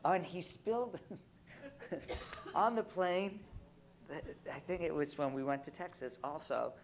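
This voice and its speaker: A man on stage at a convention Q&A, a publicist telling anecdotes in an animated, teasing way with frequent laughs. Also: on the high side, unhurried, a little hiss or hum. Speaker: guest speaker, publicist. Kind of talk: casual convention Q&A storytelling.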